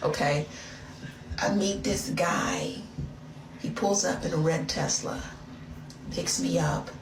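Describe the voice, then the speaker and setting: Captured on roomy, distant, noisy phone audio, a lowish-voiced woman shares a personal story at a slow pace. Her casual, confessional delivery is chatty and playful, aimed directly at her listener.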